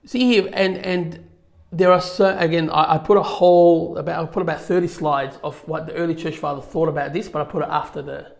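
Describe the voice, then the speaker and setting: A man's voice: on the high side, steady tone, a little fast, creaky. A man teaching a religious class from slides, reading scripture aloud and explaining it in a loose, conversational way. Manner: conversational, many fillers, reads scripture aloud. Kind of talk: informal slide lecture on scripture.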